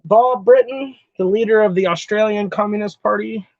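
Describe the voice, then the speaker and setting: A man's voice: sits high, moderate pace, no room sound, dull audio. A man from Texas chatting casually on a live stream, answering his chat in a loose, rambling way, swearing a lot and laughing often.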